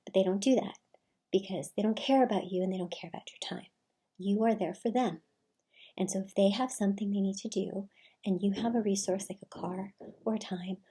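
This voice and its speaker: A woman giving casual advice in a soft, often half-whispered delivery. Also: medium pitch, husky. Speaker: advice vlogger.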